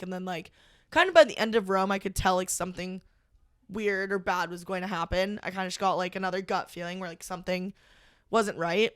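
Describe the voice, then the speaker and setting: A young woman, a podcast guest, recounting a personal story in casual conversation, halting and full of "like". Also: mid-range voice, a bit bright, smooth, no echo, clean studio sound. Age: young adult. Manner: halting, heavy use of "like", emotional retelling.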